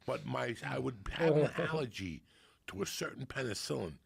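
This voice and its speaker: A man's voice: medium pitch, expressive, normal speed, creaky. A middle-aged man with a Cuban family background, telling a profane, comic story and acting out his relatives as a podcast guest. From Cuban family in New Jersey. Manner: swears constantly, acts out family members mid-story.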